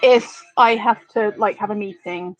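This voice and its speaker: A woman from London with an RP English accent, co-hosting a live stream in relaxed, casual chat. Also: mid-range voice, measured pace, dry recording, highs cut off.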